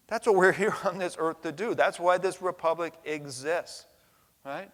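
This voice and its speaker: A man's voice: high-pitched, moderate pace, a bit bright. A middle-aged man giving an impassioned conference keynote, blunt and emphatic, swearing casually and tagging points with "right?". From United States. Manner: blunt, profane, emphatic, frequent "right?" tags. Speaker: conference plenary speaker. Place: large conference hall. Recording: long reverb of a large hall.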